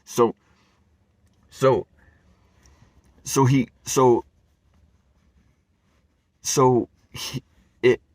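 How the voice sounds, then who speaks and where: A man's voice: mid-range voice, flat delivery, very slow, long pauses, darkish tone, no echo. Earnest rambling man, dry sound. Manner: earnest and rambling, restarts and repeats words often. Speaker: vlogger. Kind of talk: personal storytelling to camera.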